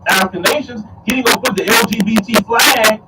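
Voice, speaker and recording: A man giving casual political commentary to his viewers, talking in an animated way, repeating words and calling them y'all. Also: extremely high pitch, fairly quick, far from the mic, heavy background noise. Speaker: commentary streamer.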